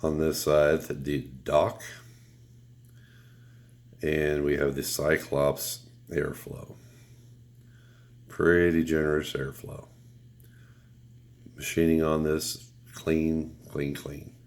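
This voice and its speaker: A man with a cold and a deep, announcer-like voice, giving a relaxed, rambling product review with blunt remarks and some swearing. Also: takes it slowly, long pauses. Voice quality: deep radio announcer sound. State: has a cold.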